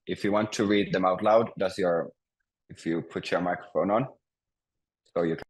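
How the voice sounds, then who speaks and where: A man's voice: low voice, fairly even intonation, normal speed, rough recording. A man teaching Finnish pronunciation in an online class, patient and hesitant, with many fillers and restarts. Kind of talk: online language lesson over Zoom. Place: home, video call. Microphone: video call mic.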